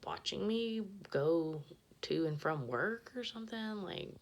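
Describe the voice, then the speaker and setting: Low-voiced woman telling a rambling story. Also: animated, a little slow. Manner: profane, rambling, drops to a whisper when retelling. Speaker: podcast host. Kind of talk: casual storytelling.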